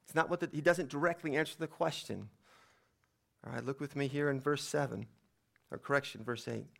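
Man preaching a sermon, plain mid-pitched voice. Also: brisk, creaky, a bit bright. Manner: reads scripture aloud, then explains it conversationally. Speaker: pastor.

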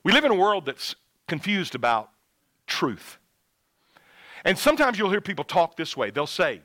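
A man's voice: sits high, sing-song, normal speed, pauses often, bright, forceful tone, no room sound. A man preaching a sermon to a congregation, speaking emphatically, drawing out key words and talking straight to his listeners.

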